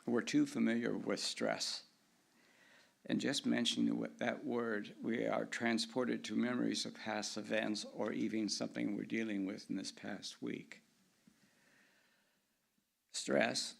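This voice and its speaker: A man, a minister, speaking gently and steadily in short phrases during a Sunday prayer and sermon in a church sanctuary. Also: lowish voice, steady tone, vocal fry, breathy edge. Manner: slow, gentle, measured delivery with short phrases.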